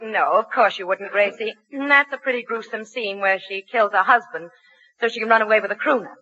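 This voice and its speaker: A woman's voice: medium pitch, brisk, pushed and bright, slightly rough. A woman appearing as a guest actress in a 1940s radio comedy, patient and wry. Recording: muffled old radio recording with reverb and hiss.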